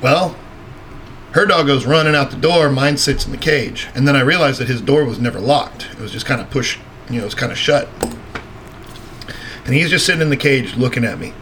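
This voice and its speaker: Speaking a little fast in a mid-range, slightly bright voice, a podcast co-host relaxes into a story on a casual talk show, swearing and laughing often. Slight background noise is audible.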